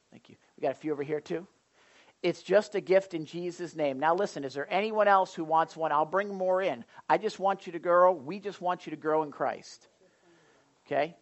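Middle-aged male pastor, church announcements, folksy, chatty, fairly high-pitched voice. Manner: folksy, animated storytelling with frequent fillers. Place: church service.

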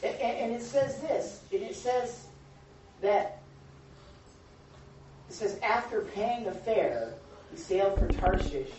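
Male pastor mid-sermon, emphatic and animated, with a dull, faintly noisy church recording. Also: high-pitched. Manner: animated, emphatic preaching with repeated words. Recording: echoey hall from a distant, dull mic.

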